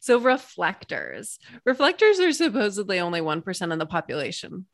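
An enthusiastic woman coach explaining concepts to an interviewer, painting vivid little scenes as she goes. Her voice is mid-range, neither high nor low. The sound is close and dry, with no room echo. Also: huge pitch swings, moderate pace. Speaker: Human Design coach, guest.

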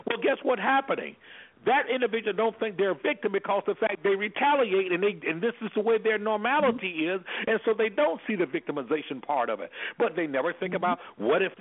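A man's voice: high-pitched, lively intonation, a little fast, breathy edge. A man working as an anger management specialist, speaking passionately in a panel discussion, with preacher-like rhetorical questions. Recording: phone-like band-limited audio.

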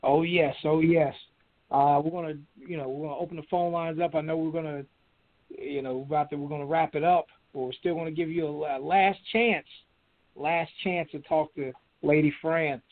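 Easygoing higher-voiced man hosting by phone. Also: steady tone. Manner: easygoing, repeats phone numbers slowly. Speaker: show host. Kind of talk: hosting a call-in show. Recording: tinny phone line.

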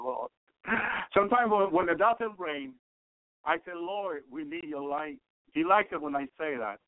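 A man's voice: sits high, no echo. A man preaching a fervent sermon, repeating phrases and breaking into exclamations of praise. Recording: tinny phone-like radio broadcast.

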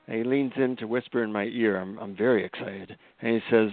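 A man from Northern California, a psychotherapist and guest author, telling an animated story with expressive jumps when he quotes himself. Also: medium pitch, a little fast, hardly any pauses, no echo. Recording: dry tinny phone-line sound.

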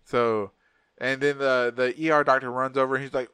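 A man's voice: medium pitch, brisk, smooth, no room sound. A man co-hosting a podcast, telling a story in casual, profane chat and acting out the voices of the people in it. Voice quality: profane, animated, acts out voices in anecdotes. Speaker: podcast co-host.

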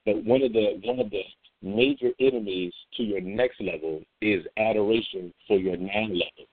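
A man's voice: fairly low pitch, moderate pace, no room sound. A man hosting a conversational devotional talk, telling a story with lots of fillers and repeats. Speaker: devotional host. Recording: phone-like dry recording.

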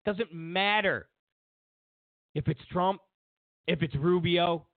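A man's voice: high voice, takes it slowly, dry recording. A man hosting a political commentary show, mocking and sarcastic, repeating lines for emphasis. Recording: tinny phone-like sound.

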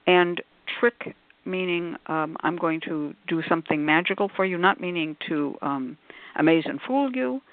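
Gravelly woman lecturing over a phone line. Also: lowish voice, moderate pace, dry recording. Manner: discursive, explanatory, scholarly asides. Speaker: author and panel guest. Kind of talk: call-in radio panel talk.

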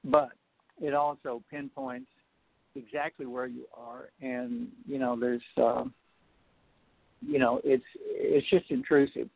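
A man talking as a radio guest over the phone, halting, with many restarts and fillers. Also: mid-range voice, level tone, creaky, dry recording. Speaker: guest, film producer. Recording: tinny phone line.

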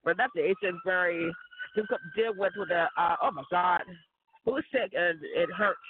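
A woman with a cold, sounding hoarse, chatting in a rambling casual monologue. She repeats words and chuckles often. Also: lowish voice, wildly swooping pitch, moderate pace, noisy background. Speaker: vlogger. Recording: tinny phone-like dry recording.

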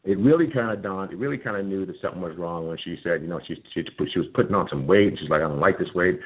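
A man's voice: sits low, fast talker, husky. A middle-aged man hosting a podcast, telling a personal story in a candid, emotional way, often restarting his sentences. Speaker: podcast host and nutrition coach. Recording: tinny phone-line sound.

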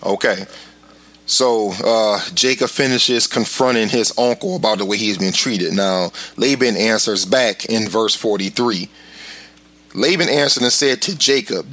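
A man teaching a verse-by-verse Bible lesson. He explains casually with many filler words and slows down to read scripture aloud. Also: fairly low pitch, fairly bright tone.

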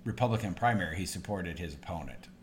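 A man with a Midwestern American accent co-hosting a podcast in casual chat, explaining things in a measured way with frequent hesitations. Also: deep voice, expressive, a little hiss or hum. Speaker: podcast co-host.

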